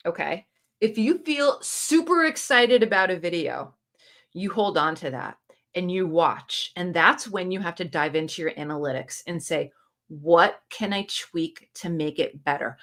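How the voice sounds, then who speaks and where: A woman's voice: on the low side, a bit bright. Encouraging woman hosting a live stream. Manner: reads viewer comments aloud and answers them; encouraging, coaching tone. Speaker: booktube channel host. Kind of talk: casual live stream chat. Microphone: phone camera.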